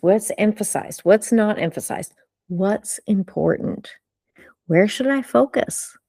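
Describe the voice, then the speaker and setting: A woman coaching a live online session on speaking, animated and emphatic, asking rhetorical questions and slowing down for emphasis. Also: mid-range voice, creaky, no room sound, clean studio sound.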